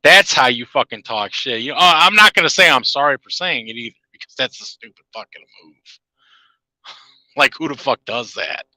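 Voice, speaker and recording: A man's voice: mid-range voice, animated, moderate pace, sharp tone, dry recording, low-quality recording. A man ranting in a heated, profane monologue to his viewers, laughing at his own jabs. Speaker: channel host.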